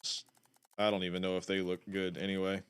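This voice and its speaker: A man's voice: low voice, completely flat delivery, brisk, a bit bright, smooth. A man livestreaming, chatting casually and thinking aloud as he works.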